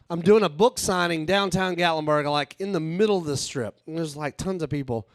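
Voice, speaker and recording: A man's voice: on the high side, fairly quick, hardly any pauses, no room sound, studio quality. A man doing a rambling, crude stand-up set on a live stage, laughing at his own jokes. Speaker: stand-up comedian and author.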